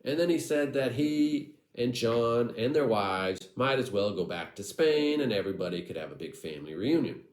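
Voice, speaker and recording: A male storyteller spins a folk tale with wry, irreverent asides. His middle-pitched voice is very animated. The recording has a roomy echo. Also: normal speed, hardly any pauses.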